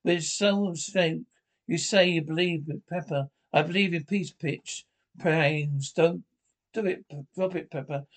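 Male reader, slightly high voice, reads each line of a drama straight and calls out the sound cues and who is speaking in between. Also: a little slow.

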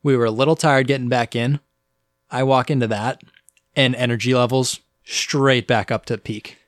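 A man's voice: medium pitch, normal speed, no echo. Chatty young man, dry close sound. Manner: animated, restarts often. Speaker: podcast co-host. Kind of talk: casual storytelling chat. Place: Boston area.

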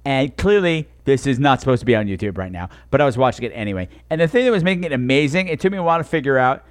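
A man's voice: medium pitch, expressive, racing. A man hosting a talk show, telling stories in a profane, sarcastic comedic rant and slipping into mocking voices.

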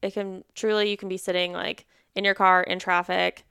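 A woman therapist speaks in a relaxed podcast conversation, leaning on "like" as she acts out quoted clients. Her voice is very smooth and resonant. The sound is dry and close to the mic. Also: fairly low pitch, moderate pace, no echo. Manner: chatty, many "like" fillers, acts out clients with quoted voices, laughs often.

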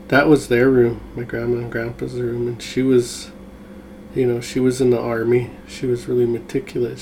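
A man hosting a podcast, chatting in a relaxed, reminiscing way. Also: mid-range voice, a little hiss or hum, poor audio. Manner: relaxed, reminiscing, backchannels often. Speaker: podcast host. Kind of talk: casual conversation.

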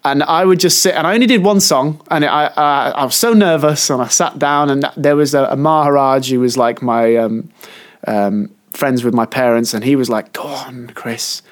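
A man's voice: medium pitch, normal speed. A man co-hosting a casual podcast chat, telling long stories that wander, trail off and restart as he goes. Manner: rambling storyteller who often trails off and restarts. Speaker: podcast co-host.

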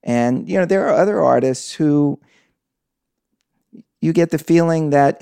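A man's voice: on the high side, unhurried, vocal fry, mellow, clean tone, no room sound. A man interviewing a guest, asking curious follow-up questions. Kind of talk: conversational interview.

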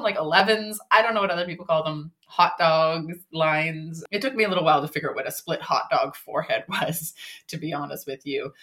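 Brief: young woman podcast co-host, low voice, loose chatty critique with many fillers. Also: fairly bright tone. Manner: rambling, filler-heavy, lots of "like" and "you know". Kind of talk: casual critique chat.

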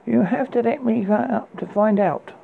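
A man's voice: very high voice, moderate pace, gravelly, narrow, tinny audio, a little hiss or hum, voice pushed up, full character voice. A man doing a proud young prince. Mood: urgent. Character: proud young prince, impatient and easily flustered.

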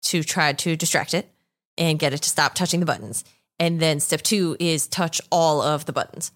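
A woman's voice: sits low, normal speed. A woman playing a tabletop role-playing game, talking casually and often laughing. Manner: giggly, casual. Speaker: player.

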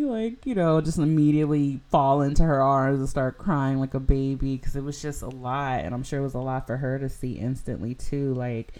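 A young woman recounts events on her podcast in a loose, chatty way, leaning on "like" and "you know". Her voice is dark and mellow, with little rise and fall in pitch. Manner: rambling, heavy use of "like" and "you know". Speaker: podcast host. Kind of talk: casual personal storytelling.

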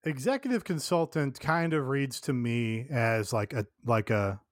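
A man's voice: medium pitch, a little slow, hardly any pauses, no echo, studio quality. Wry male podcast co-host. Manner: wry, joking, acts out quotes. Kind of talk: casual wrestling recap chat.

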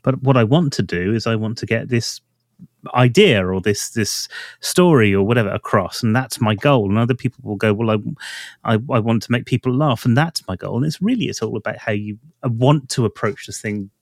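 A man's voice: mid-range voice, fairly quick, dry recording, clean studio sound. A man co-hosting a podcast, explaining ideas in a rambling, thoughtful way. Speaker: podcast co-host. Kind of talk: casual chat.

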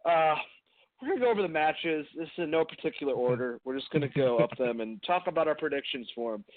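A man hosting a casual podcast, animated and swearing freely. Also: a little high, quick pace, dry recording. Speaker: podcast host. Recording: tinny phone-like line, dry.

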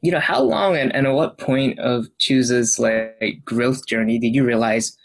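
A man hosting an interview, asking questions haltingly with many "you know" fillers. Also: mid-range voice, creaky, rough recording. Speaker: podcast host.

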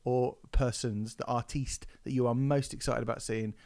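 A man's voice: medium pitch, steady tone, normal speed, a little mellow. This is a man in casual podcast chat. He tells his stories animatedly, working himself up into mock outrage and dropping swear words as he goes. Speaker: podcast host.

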